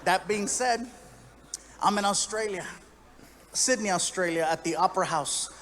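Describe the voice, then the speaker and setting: A man telling a story on stage in stand-up, animated and acting out other people's voices. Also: sits high, moderate pace, background noise. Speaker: stand-up comedian.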